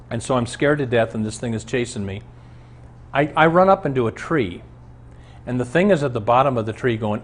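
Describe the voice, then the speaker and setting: A man who is a pastor, teaching a Bible lesson on a show and telling stories from his own life in an earnest preaching manner. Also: medium pitch.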